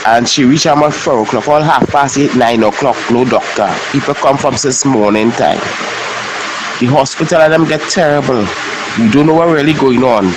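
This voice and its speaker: Exasperated Trinidadian caller, noisy line. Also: male voice, mid-range voice, moderate pace. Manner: exasperated complaining. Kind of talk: voice note to a talk show.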